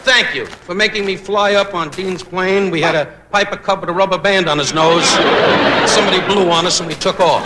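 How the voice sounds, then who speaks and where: A man doing rapid-fire insult comedy at a roast, mimicking voices. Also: high-pitched. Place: banquet hall stage. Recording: old roast broadcast, roomy, loud noise.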